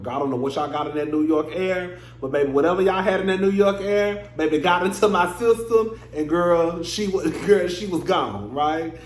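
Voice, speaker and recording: A man hosting his own gossip vlog, talking casually and sassily to his viewers and calling them "girl". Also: a little high. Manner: chatty, sassy, addresses viewers as "girl". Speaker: vlog host. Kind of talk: casual celebrity gossip chat. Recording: echoey room with faint noise.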